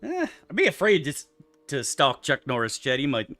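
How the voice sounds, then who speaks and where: A man's voice: mid-range voice, huge pitch swings, normal speed, pushed and bright. A man streaming a game, answering his chat in loose, profane, rambling banter. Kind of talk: casual livestream chat, answering chat.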